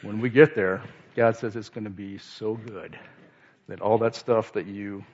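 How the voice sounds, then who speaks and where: A man giving an informal sermon, halting, with many restarts and fillers. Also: fairly low pitch, steady tone, slightly rough, lo-fi sound. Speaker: lay speaker.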